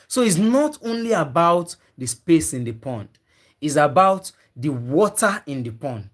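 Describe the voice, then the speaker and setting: Male trainer, slightly high voice, emphatic and repetitive, runs a live online class and talks to the chat. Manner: emphatic, repeats key points many times; talks to viewers typing in the chat. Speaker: fish farming trainer.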